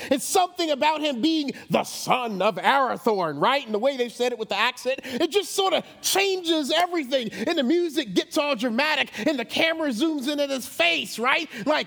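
A man preaching a sermon in a lively, conversational way with dramatic emphasis. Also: very high voice, normal speed, gravelly. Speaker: pastor. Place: church sanctuary.

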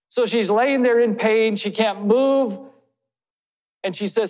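A man's voice: high voice, a little slow, darkish tone. Earnest preaching man in a reverberant hall. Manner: earnest, asks the listeners direct questions. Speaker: pastor. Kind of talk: sermon. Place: church hall.

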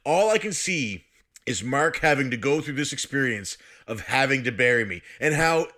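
Man, casual storyteller, bright forceful voice, animated and profane. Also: medium pitch, moderate pace. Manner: animated, swears, laughs through his story. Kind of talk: casual storytelling among friends.

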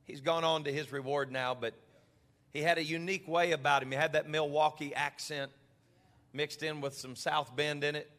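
A male pastor telling stories in a sermon, then building to passionate shouted preaching in a church. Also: fairly high pitch, fairly even intonation, moderate pace, long reverb tail.

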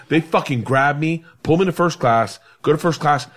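A man's voice: fairly high pitch, a little fast, few pauses, slight background noise. A man in his thirties telling a long comic story to friends on a podcast, rowdy and laughing, acting out the voices of the people in it. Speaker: podcast host. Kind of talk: drunken storytelling among friends.

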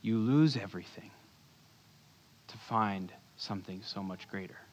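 A man preaching a sermon as pastor, earnest, moving between urgent bursts and hushed low lines. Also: a little slow. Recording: long hall reverb.

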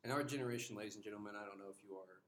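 A man's voice: fairly low pitch, racing, fairly bright tone. Playful young man co-hosting a podcast. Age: 20s. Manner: jokey, playful, addresses listeners. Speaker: podcast co-host. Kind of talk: casual podcast chat.

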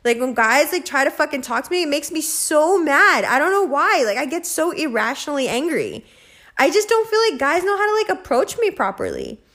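A woman's voice: high voice, a little fast. A woman hosting a casual, profane monologue, talking bluntly and laughing often, full of "like" and slang. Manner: blunt, profane, animated with frequent laughs and filler "like". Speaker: host.

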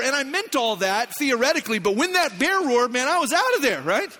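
A middle-aged male pastor from Arizona, preaching a sermon with a personal story, animated and swinging from shouts to hushed lines. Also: very high voice, brisk, few pauses.

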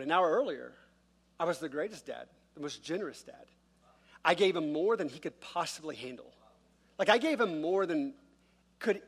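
A man's voice: sits high, husky. Man preaching with a humorous storytelling touch. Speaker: pastor. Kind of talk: sermon with a personal story. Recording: long reverb of a large church hall.

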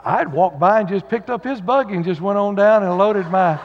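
A man's voice: high-pitched, fairly quick, a little hiss or hum. A man preaching a sermon as pastor, folksy and joking, with lots of fillers. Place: church sanctuary. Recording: dull sound with long hall reverb.

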